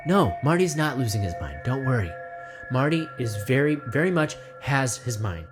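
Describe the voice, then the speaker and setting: A comedy video essayist delivers a rambling satirical monologue over music, referring to himself in the third person and firing off rhetorical questions. Very animated and medium-pitched, he acts out voices in quick asides.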